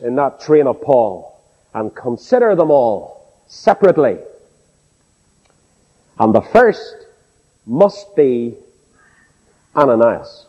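Northern Irish preacher, storytelling in a hall. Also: male voice, takes it slowly, pauses often. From Northern Ireland. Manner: animated storytelling, folksy asides, swoops from high exclaims to low confiding. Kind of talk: sermon. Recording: dull lo-fi tape in a reverberant hall.

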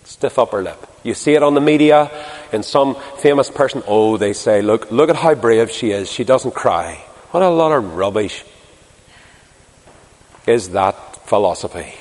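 A man preaching a sermon to a congregation, swinging between loud emphasis and hushed tenderness. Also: medium pitch, lively intonation, unhurried. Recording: long hall reverb.

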